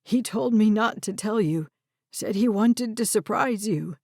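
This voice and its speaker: A woman's voice: mid-range voice, measured pace, darkish tone, no room sound, clean studio sound. A woman voicing a frail, kindly old grandfather with a quavering, hesitant voice in an audiobook. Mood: tearful.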